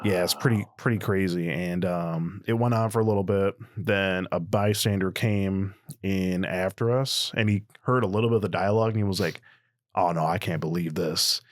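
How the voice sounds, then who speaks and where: A man's voice: fairly even intonation, normal speed, no room sound, clean studio sound. A man telling stories as a podcast guest in casual chat, with a voice others call cartoonish. He acts out the quotes as he tells them. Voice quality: high, cartoonish voice. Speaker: podcast guest, predator catcher. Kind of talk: casual storytelling.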